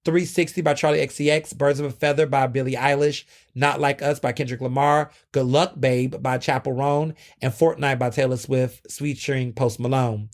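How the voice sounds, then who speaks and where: A young man hosting his own podcast, chatting casually and dramatically, with sudden jumps up in pitch. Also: steady tone, moderate pace, hardly any pauses. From United States. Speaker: podcast host. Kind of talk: casual solo commentary.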